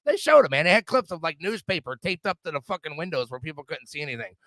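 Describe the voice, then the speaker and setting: Fired-up profane man ranting, high bright voice. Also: sing-song, fast talker, no echo. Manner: profane, fired-up, repetitive stammering restarts. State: drinking whiskey. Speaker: podcast host. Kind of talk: casual political rant.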